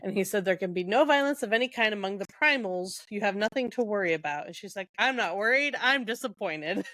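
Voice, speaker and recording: A woman's voice: mid-range voice, expressive, quick pace, fairly bright tone, no room sound. A young adult woman co-hosting a podcast, retelling book scenes casually with quoted dialogue and lots of fillers. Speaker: podcast co-host.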